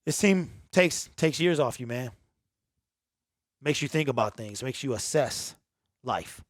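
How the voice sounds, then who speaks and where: A sports talk channel host talks to his viewers in an unedited, raw monologue, emotional, earnest, emphatic and repetitive. His medium-pitched voice has lively intonation and an unhurried pace with long pauses, in a dry, studio-quality recording.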